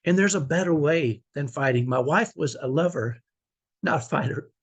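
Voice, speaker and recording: A middle-aged man speaks to his viewers in a heartfelt, confessional vlog. His voice is husky and sits a little high, and he often restarts his sentences. He sounds emotional, close to tears. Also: moderate pace. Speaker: vlogger, autism parent. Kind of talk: earnest personal vlog.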